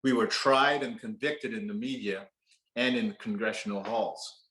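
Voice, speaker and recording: A lowish, unhurried, slightly bright voice belongs to a Canadian man telling a personal story from a stage. His manner is earnest and conversational with the odd laugh, recorded amid roomy auditorium echo.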